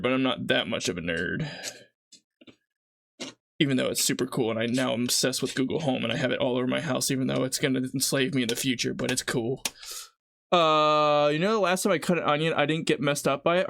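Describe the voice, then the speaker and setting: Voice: medium pitch, a little fast, gravelly, a bit bright, no echo, studio quality. A live streamer chatting casually and rambling while cooking at home, teary-eyed from an onion and poking fun at themself. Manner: rambling, chatty, self-mocking. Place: home kitchen.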